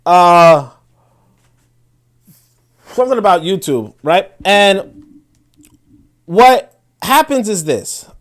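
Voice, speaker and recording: Brooklyn man hosting a livestream, high-pitched, emphatic, repeats phrases for weight. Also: big pitch swings, extremely slow, long pauses. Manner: emphatic, repeats words when building a point; reads viewer comments aloud. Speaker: livestream host. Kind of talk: casual livestream commentary.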